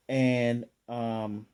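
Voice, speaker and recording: Male anime reviewer, relaxed and mellow, animated casual recap. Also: mid-range voice, smooth. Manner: animated retelling, acting out characters' lines.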